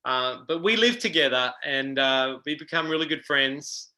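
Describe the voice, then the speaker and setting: A middle-aged Australian man telling stories as a guest in a casual interview, animated and full of ums. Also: medium pitch, normal speed, poor audio. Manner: animated, acts out quoted voices, frequent ums. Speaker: guest guitarist.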